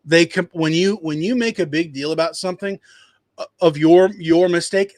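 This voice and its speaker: A man's voice: moderate pace, a little mellow. Chatty man telling a story, rambling. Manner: rambling, conversational, acts out quotes in a higher voice. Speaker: dumpster rental business owner. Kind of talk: casual storytelling vlog.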